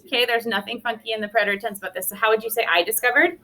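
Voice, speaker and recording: A woman's voice: a little high, steady tone, very fast, bright, forceful tone. Upbeat woman teaching Spanish class. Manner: upbeat, drills students with questions, sprinkles Spanish words.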